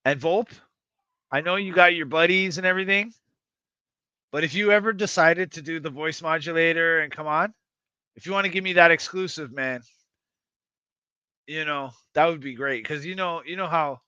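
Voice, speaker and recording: A man hosting a livestream, chatting to his viewers in a rambling, excitable, self-mocking way and swearing freely. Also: a little high, normal speed, long pauses, smooth, no room sound, dull audio. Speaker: livestream host. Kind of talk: casual livestream chat to viewers.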